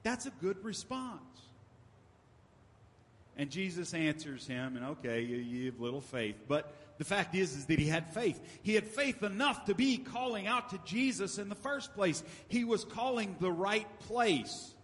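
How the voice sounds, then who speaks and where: A man's voice: high-pitched, expressive, unhurried, a bit bright. A man preaching a sermon as pastor, in a conversational style with emphatic repetition. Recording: long hall reverb.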